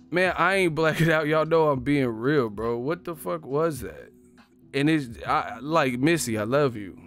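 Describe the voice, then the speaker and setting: A man on a profane, animated comedic rant, laughing often as he talks. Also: medium pitch.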